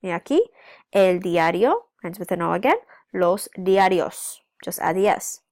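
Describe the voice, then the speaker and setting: A woman's voice: lowish voice, animated, unhurried, a little mellow, no room sound, studio quality. A woman teaching a language lesson, explaining step by step and often checking in with "okay?", switching between two languages. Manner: switches between English and Spanish. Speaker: Spanish teacher. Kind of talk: recorded classroom lesson.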